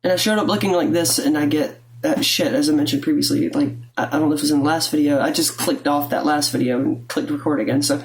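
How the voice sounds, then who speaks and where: A woman's voice: low-pitched, steady tone, quick pace, few pauses. A young adult woman, vlogging at home in a blunt, profane, rambling way, her throat rattly with phlegm. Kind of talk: casual confessional talk to camera. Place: at home, indoors.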